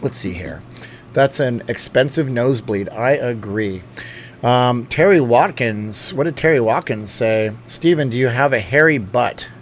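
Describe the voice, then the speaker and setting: A man's voice: mid-range voice, animated, a little slow, slight background noise. A middle-aged man hosting a casual livestream from home, reading chat and rambling with many restarts and asides. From lives in Las Vegas. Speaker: channel host reading live chat. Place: home room.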